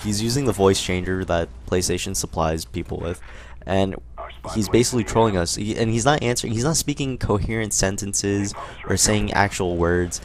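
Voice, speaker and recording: A young man telling a rambling, animated story while commentating on a game, with lots of fillers. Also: lowish voice, moderate pace. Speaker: gaming commentator. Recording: faint gunfire noise behind. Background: game gunfire.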